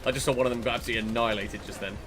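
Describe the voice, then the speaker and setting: A man, hosting a podcast stream and chatting excitedly while playing a game. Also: medium pitch, rapid-fire, music in the background.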